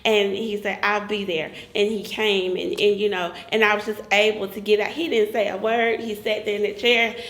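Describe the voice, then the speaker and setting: A woman sharing an emotional personal testimony in a group talk, animated and repeating words for emphasis. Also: medium pitch, normal speed, few pauses, roomy sound.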